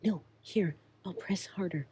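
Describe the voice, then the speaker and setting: A woman playing a young woman hiding with a friend in a closet, hushed and scolding in a whispered role-play. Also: lowish voice, a little slow, slightly rough, dry recording.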